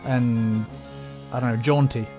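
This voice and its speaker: A man streams casually over faint game music, his voice sitting at a middle pitch. He breaks down chords and rhythms in a loose, thinking-aloud way, hums snatches of tunes and swears freely when things go wrong. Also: fairly even intonation, a little slow, warm tone. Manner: explains music theory and hums and sings melodies; swears a lot when frustrated. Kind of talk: casual livestream chat while gaming.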